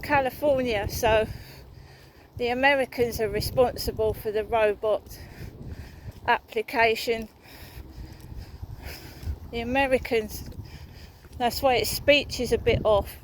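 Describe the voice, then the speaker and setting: A woman talks into her phone while out on a walk, rambling and aggrieved, swearing as she goes. Her voice sits a little high, and a faint hiss of outdoor noise runs underneath. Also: fairly even intonation, slow pace, long pauses, low-quality recording. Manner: aggrieved, ranting, swears freely. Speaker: vlogger. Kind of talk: rambling walk-and-talk vlog.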